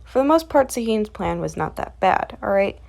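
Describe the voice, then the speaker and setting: A woman's voice: mid-range voice, very animated, moderate pace, creaky, a little mellow. Chatty woman recapping a comic. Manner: rambling, chatty, lots of fillers.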